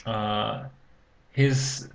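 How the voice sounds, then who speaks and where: A man's voice: fairly low pitch, steady tone, drawn-out words, creaky. A man teaching an English speaking exam lesson, talking unscripted and hesitantly with many fillers and restarts.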